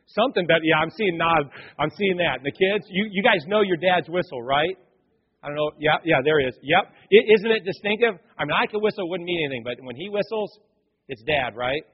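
Animated preaching pastor, high lively voice. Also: male voice, husky. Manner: animated preaching, rhetorical questions, swings between loud and hushed. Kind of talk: sermon. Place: church sanctuary. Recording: muffled, echoey church hall.

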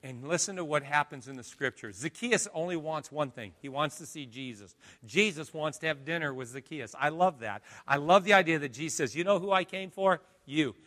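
A male pastor preaching a sermon, swinging from hushed lines to loud dramatic ones. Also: fairly high pitch, lively intonation, brisk, few pauses.

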